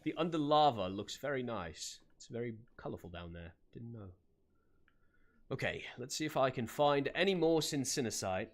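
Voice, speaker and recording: A man roleplays a character on his live gaming stream, speaking in a put-on accent, laughing often and naming viewers as he greets them. His mid-range voice has lively intonation and a normal speed.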